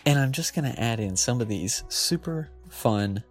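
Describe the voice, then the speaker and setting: A man's voice: medium pitch, animated, normal speed, soft background music. A man hosting a comedy show, rambling playfully, giggling and correcting himself as he goes. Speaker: comedy podcast host.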